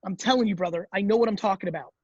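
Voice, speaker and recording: Blunt, profane man with a husky voice. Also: high-pitched, no room sound, lo-fi sound. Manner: blunt, fast, profane, emphatic. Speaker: show host giving business advice. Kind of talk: call-in advice show.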